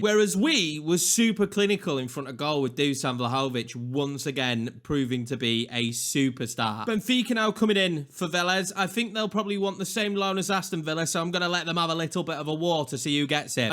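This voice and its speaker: Young man, Yorkshire accent, fairly high voice, gameplay commentary, chatty and excitable. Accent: Northern English (Yorkshire). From England. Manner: excitable, chatty, swings between hype and grumbling. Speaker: gaming YouTuber.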